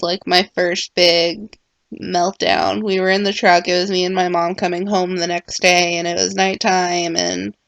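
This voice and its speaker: A woman's voice: mid-range voice, vocal fry, no echo. A young woman talking casually in a personal vlog, rambling and full of filler words. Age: young adult. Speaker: vlogger.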